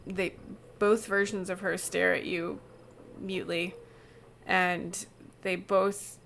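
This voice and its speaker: A woman narrating as game master of a tabletop game in an unhurried, hesitant way, with many fillers. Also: medium pitch, sharp tone, slight background noise.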